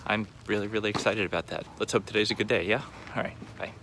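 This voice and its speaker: A man's voice: lowish voice, steady tone, quick pace, background noise. A man recording a confessional video diary, rambling and bitter, swearing heavily as he vents.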